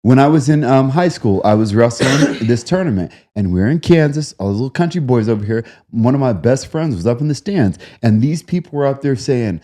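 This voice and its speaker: A middle-aged man co-hosting a podcast, telling stories in a lively, repetitive way. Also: medium pitch, brisk, hardly any pauses. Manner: animated storyteller, repeats words when excited. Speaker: podcast co-host. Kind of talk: casual podcast chat, storytelling.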